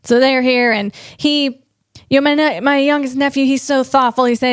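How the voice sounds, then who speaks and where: A woman hosting a comedy podcast tells loose, rambling comic stories about her family, gushing, drifting, and animated, dropping a playful "man" and "you know" along the way. Her fairly high voice is clear and resonant at a moderate pace. It's recorded close and dry, with almost no room sound.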